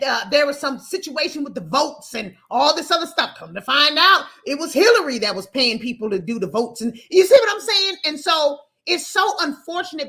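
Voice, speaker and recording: A woman's voice: high voice, sharp tone. A woman hosting a call-in livestream, talking emphatically in a folksy way and repeating words as she builds a point. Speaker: call-in show host. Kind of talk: casual livestream talk show.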